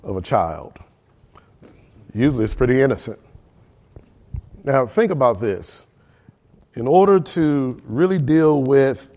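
A man teaching a Bible study class at an ordinary middle pitch. He keeps asking the group questions and checking that they follow. He repeats key words to drive the point home. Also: darkish tone.

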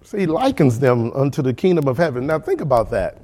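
A man's voice: medium pitch, sing-song, a little fast, warm tone. A man leading a Bible study class, asking the group questions, checking in often and repeating words for emphasis.

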